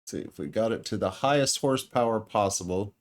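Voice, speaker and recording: A man's voice: fairly low pitch, fast talker. A man giving casual commentary over his farming game, musing aloud and chuckling now and then. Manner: musing aloud, thinking out loud with small laughs. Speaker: let's play gamer.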